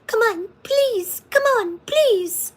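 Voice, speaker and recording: A woman's voice: very high-pitched, lively intonation, slow, voice pushed up, heavily acted. A woman voicing her puppy dog as a bored, whiny pet who nags and pleads to go outside. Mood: pleading. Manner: pleading, nagging.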